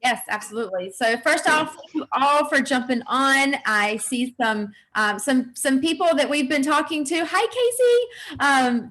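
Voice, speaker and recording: Bubbly, higher-voiced woman. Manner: bubbly, excited, animated quoting. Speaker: real estate agent co-host. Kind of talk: casual video call talk.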